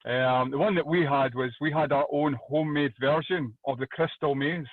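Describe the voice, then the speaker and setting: A loud Scottish comedian tears through his set with crude swearing and plenty of energy. His voice sits a touch high and comes through a thin, phone-like line. The room around him is completely dry. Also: steady tone, moderate pace, no echo. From Scotland. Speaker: stand-up comedian. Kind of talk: stand-up comedy. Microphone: video call. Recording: dry tinny phone-like call audio.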